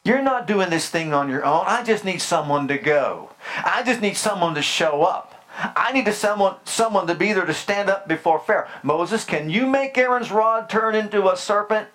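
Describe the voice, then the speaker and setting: Fervent and emphatic, a man preaches a sermon to his congregation, firing off declarations and rhetorical questions. His high voice is expressive and fairly bright, delivered at normal speed.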